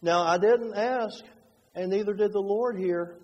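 A man preaching a sermon, moving between hushed, slow passages and fervent, rising ones. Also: high voice, lo-fi sound. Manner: dynamic, swings from hushed to fervent. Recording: long hall reverb.

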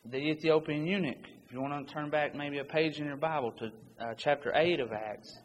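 A man's voice: a little high, fairly quick. Man preaching in a reverberant hall. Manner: earnest, urgent, reads scripture aloud. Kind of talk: sermon. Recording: long hall reverb with faint background noise.

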